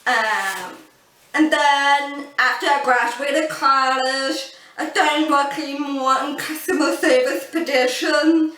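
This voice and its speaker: A young woman from the Boston area with a deaf speech pattern, telling personal stories to camera in a casual, thoughtful way with many pauses and fillers. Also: high-pitched, sharp tone. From Boston area, United States. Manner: slow, thoughtful storytelling with fillers. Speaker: vlogger. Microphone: built-in camera mic. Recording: echoey room, camera mic from a distance.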